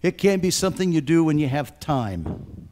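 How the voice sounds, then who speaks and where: A man in his sixties preaching a sermon as pastor, earnest and emphatic, speaking straight to his listeners and swinging from hushed to loud. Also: on the high side, very animated, moderate pace. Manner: addresses listeners directly.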